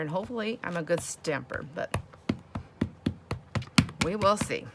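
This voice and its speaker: A woman's voice: on the low side, lively intonation, measured pace, long pauses, heavy background noise. A woman hosting a crafting video, chatting casually and laughing often as she works. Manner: chatty, laughs often, talks to herself while working. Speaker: crafting channel host.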